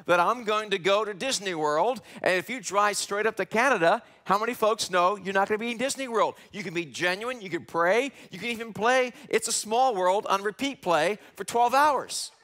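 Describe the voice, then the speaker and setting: A man preaching a sermon in a church, animated, acting out quoted questions in a rising voice. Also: high voice, moderate pace, few pauses. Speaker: pastor. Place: church sanctuary, live broadcast.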